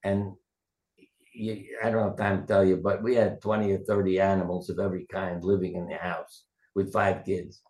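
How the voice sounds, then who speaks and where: In a relaxed interview, a retired surgeon in his later years rambles through anecdotes, performing the quoted lines himself. His fairly low, slightly mellow voice shows little pitch movement at a moderate pace, echoing around a roomy space.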